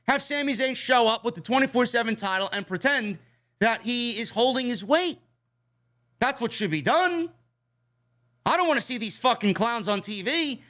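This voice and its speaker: A man's voice: very high-pitched, pushed and bright. A man reviewing a wrestling show in a blunt, profane, exasperated rant.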